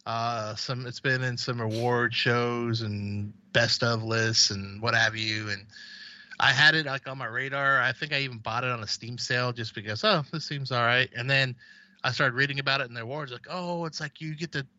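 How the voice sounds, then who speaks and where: A man rambles casually about games on a podcast, his voice very bright and forward. The sound is dry and close, though a little dull in band. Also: mid-range voice, fairly even intonation, moderate pace, no echo. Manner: rambling, with many fillers and restarts. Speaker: podcast co-host.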